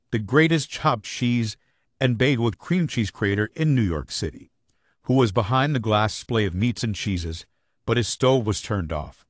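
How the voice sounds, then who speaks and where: Lively male audiobook narrator, dry sound. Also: mid-range voice, no room sound. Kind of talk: first-person audiobook narration.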